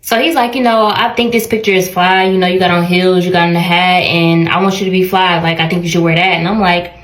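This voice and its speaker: A woman's voice: fairly low pitch, quick pace. Young woman telling a date story, roomy. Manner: animated, acts out both sides of the dialogue. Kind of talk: casual storytime to camera. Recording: roomy echo.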